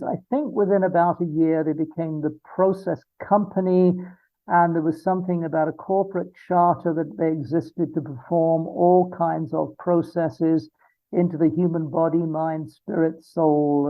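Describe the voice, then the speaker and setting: A man's voice: fairly high pitch, no room sound. A man in his seventies with an English accent, reminiscing at length in an interview and wandering into reflective asides. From England. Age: 70s. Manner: discursive and reflective, with frequent asides. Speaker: interview guest. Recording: dry, phone-like line.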